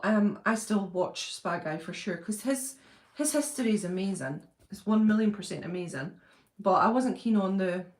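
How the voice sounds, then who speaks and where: Woman, live-stream host, chatty and laughing, reads viewer comments aloud; mid-pitched voice, echoey room. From Britain. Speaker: channel host reading live chat. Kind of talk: casual live-stream chat. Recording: roomy echo.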